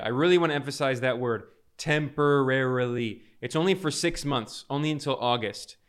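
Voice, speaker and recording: A man delivers political commentary with an emphatic, indignant edge. His voice sits a little high, and he leans hard on the words he wants to stress. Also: a bit bright, clear, resonant tone.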